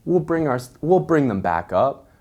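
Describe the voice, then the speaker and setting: A man putting on the voice of a smooth, falsely reassuring city man. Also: on the high side, sing-song, unhurried, darkish tone, dull audio. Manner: smooth, soothing.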